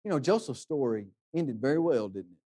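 A man's voice: medium pitch, big pitch swings, brisk, dark tone. A man preaching a sermon in an earnest way, asking rhetorical questions and dropping his voice for emphasis.

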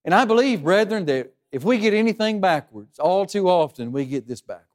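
A high-pitched man preaching with real conviction. He fires rhetorical questions at his congregation, and his voice jumps up and down for emphasis. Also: sing-song, a little fast. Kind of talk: sermon.

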